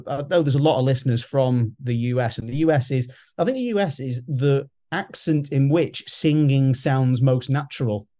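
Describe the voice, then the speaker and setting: Mellow-voiced British man chatting about music. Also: medium pitch, moderate pace, hardly any pauses. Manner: rambling, restarts, sings snippets. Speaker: music podcast co-host. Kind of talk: casual chat.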